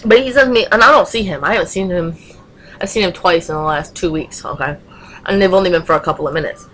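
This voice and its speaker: A woman's voice: lowish voice, fast, fairly bright tone, slight background noise, rough recording. A young woman vlogger talking straight into her webcam, with emphatic, passionate delivery full of rhetorical questions. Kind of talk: casual webcam rant.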